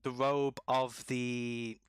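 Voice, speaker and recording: A man running a tabletop game as dungeon master, narrating at a relaxed pace with many pauses and ums. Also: medium pitch, smooth.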